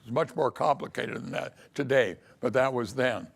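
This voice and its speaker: A man's voice: medium pitch, lively intonation, moderate pace, vocal fry. An older man recalling his early years as a lawyer in a casual, storytelling way. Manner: storytelling, acts out quoted voices. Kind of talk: casual spoken memoir.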